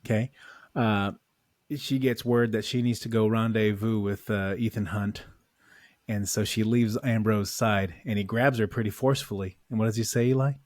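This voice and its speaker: A man's voice: lowish voice, steady tone, normal speed, a little mellow, no echo. Laid-back man with dry close sound. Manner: laid-back slang, playful, laughs often. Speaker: podcast co-host. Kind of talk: casual movie discussion.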